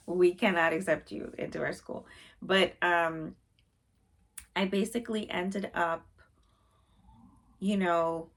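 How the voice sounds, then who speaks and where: A woman vlogger in casual chat, rambling with many fillers and openly sensitive about her feelings. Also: on the low side.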